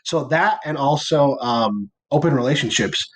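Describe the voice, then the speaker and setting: A young man co-hosting a podcast tells a loose, rambling story in casual chat, leaning heavily on "like" and "or whatever." He's laid-back and playful and swears casually, speaking at normal speed with a medium-pitched, expressive voice.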